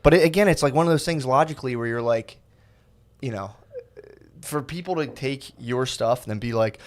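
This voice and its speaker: A man's voice: mid-range voice, a little fast. An American man co-hosting a podcast, talking in a rambling, self-mocking way with many restarts. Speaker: podcast co-host. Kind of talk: casual podcast banter.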